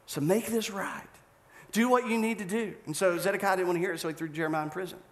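A male pastor preaching a sermon, telling a story with animated delivery and acted-out scenes. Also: high-pitched, quick pace.

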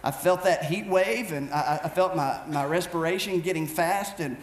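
A man preaching a storytelling sermon as pastor, animated and self-mocking, with many quick restarts. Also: fairly high pitch. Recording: echoey room with faint background noise.

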